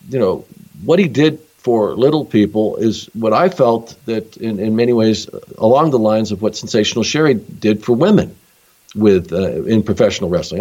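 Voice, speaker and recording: A man's voice: lowish voice, a little mellow, muffled recording. A man hosting a podcast interview, talking in an easygoing, reflective way. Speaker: podcast host.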